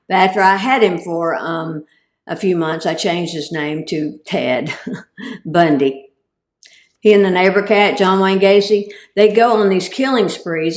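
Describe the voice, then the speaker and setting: A woman's voice: fairly low pitch, echoey room. A woman giving a humorous, self-deprecating talk as a guest speaker and cancer survivor. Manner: comic, self-deprecating delivery.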